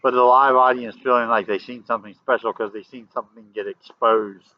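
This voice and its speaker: A man's voice: medium pitch, steady tone, a little fast. A man with a Southern US accent, telling a rambling story to camera in a casual vlog, often restarting and turning emphatic. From American South. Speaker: vlogger. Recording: dull lo-fi audio.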